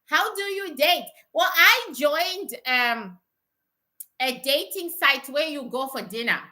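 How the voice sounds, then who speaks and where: Middle-aged woman, very bright and piercing tone, blunt profane livestream chatter who laughs a lot. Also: high voice, animated, slow pace. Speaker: spiritual teacher. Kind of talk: casual livestream chat.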